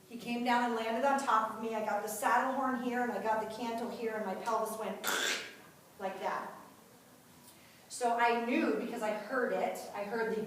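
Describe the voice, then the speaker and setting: A woman's voice: mid-range voice, a bit bright, a little hiss or hum. A woman giving a personal testimony to a group, telling the story vividly and acting out the voices of the people in it. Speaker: guest speaker at a mothers' group. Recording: echoey room, voice from far off.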